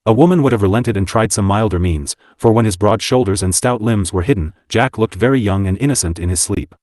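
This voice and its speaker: Low-voiced male audiobook narrator. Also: a little fast, darkish tone, no echo, studio quality.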